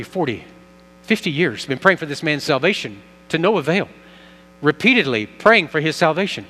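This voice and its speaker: A man's voice: sits high, bright, forceful tone. A man preaching a sermon as pastor, telling a story earnestly and building emphasis. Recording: long reverb, faint mains hum.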